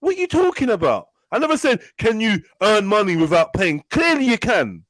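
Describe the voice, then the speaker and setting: A man's voice: sits high, sing-song, brisk, fairly bright tone, no echo, rough recording. A man hosting a live online panel, blunt and argumentative as he presses his point. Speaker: panel host.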